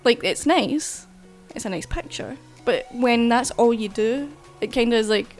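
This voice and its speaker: Chatty higher-voiced woman, casual. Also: unhurried, hardly any pauses, faint music behind. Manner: chatty, loose, swears casually, frequent fillers. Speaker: artist streamer. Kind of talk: casual rambling chat. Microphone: desk mic while streaming.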